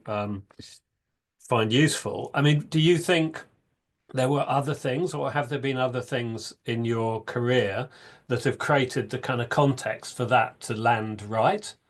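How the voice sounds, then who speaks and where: A man hosting an interview podcast, asking questions in a thoughtful, polite way with a few hesitations. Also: mid-range voice. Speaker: podcast host. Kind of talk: casual interview.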